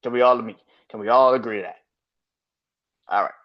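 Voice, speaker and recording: A man's voice: medium pitch, a little fast. A man hosting a podcast, ranting bluntly and profanely about wrestling in casual, opinionated commentary. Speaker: podcast host. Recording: slightly dull lo-fi audio.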